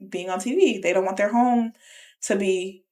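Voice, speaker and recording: Woman podcast co-host, casual recap chat, lively retellings. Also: mid-range voice, normal speed. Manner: animated retelling with quoted voices and laughs.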